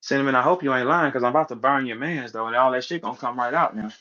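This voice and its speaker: A man's voice: mid-range voice, very fast, bright, forceful tone, dull audio. A man giving a casual, emphatic rant as a commentator, repeating words and acting out the people he quotes. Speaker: battle rap commentator.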